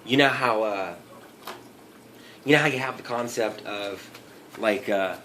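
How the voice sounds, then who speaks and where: A man's voice: fairly low pitch, unhurried, background noise. A man giving a profane, rambling comedic rant, often breaking into laughter. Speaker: vlogger.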